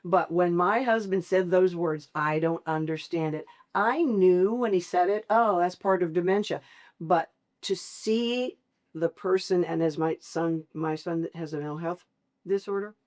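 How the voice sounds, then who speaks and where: Middle-aged woman guest, lower voice, emotional storytelling that acts out what others said. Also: measured pace. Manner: expressive, laughs often, acts out quoted dialogue. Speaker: podcast guest.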